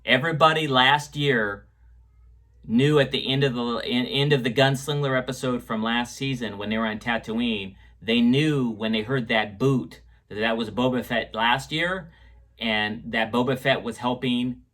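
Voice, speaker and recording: A man's voice: medium pitch, moderate pace, a bit bright. A man reviewing an episode in casual chat, rambling with fillers and restarts as he retells scenes. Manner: retells scenes and echoes quotes. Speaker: show reviewer.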